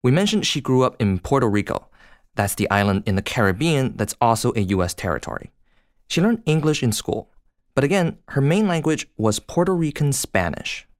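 A man's voice: mid-range voice, very animated, normal speed, dry recording, studio quality. A man co-hosting a podcast, narrating and asking questions with nerdy enthusiasm. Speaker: podcast co-host.

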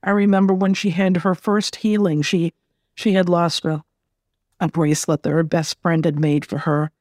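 A middle-aged woman being interviewed, telling a personal story in a gentle, reflective way and often repeating words as she gathers her thoughts. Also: lowish voice, little pitch movement, normal speed, no echo, studio quality. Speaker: interview guest.

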